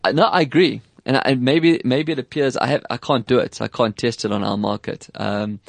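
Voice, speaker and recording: A man's voice: mid-range voice, brisk, vocal fry, no echo. A man from South Africa hosting a talk show, chatting thoughtfully and restarting sentences as he thinks aloud. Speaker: host. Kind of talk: conversational talk show chat.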